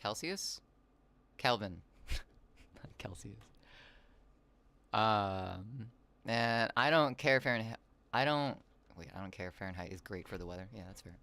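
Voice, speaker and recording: A man's voice: on the low side, moderate pace, pushed and bright. A man rambling on a casual livestream from home, reading chat messages aloud into a desk microphone, his voice slightly raw. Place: home, with cats nearby.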